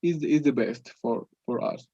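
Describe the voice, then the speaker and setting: A man's voice: mid-range voice, moderate pace, dark tone, breathy edge, no echo. Casting: young man, native Spanish speaker, hesitant learner English full of restarts, dry close sound, dull lo-fi call audio. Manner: hesitant, many restarts and fillers. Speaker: English student. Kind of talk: conversation practice.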